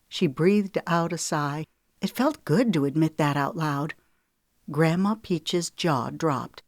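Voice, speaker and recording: A woman with a lowish voice narrating an audiobook in a measured, even pace. The recording is dry and close, with no room sound. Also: no room sound. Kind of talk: scripted storybook narration.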